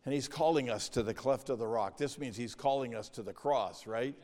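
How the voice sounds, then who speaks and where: A man preaching a sermon in a measured way, reading scripture and outline points and growing emphatic as he goes. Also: medium pitch, a little mellow. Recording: long reverb of a hall.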